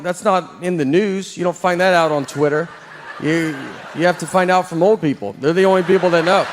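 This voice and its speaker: Man, stand-up comedian, deadpan, self-deprecating, slightly high voice, faint background ambience. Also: big-room sound, a little hiss or hum. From Southern United States.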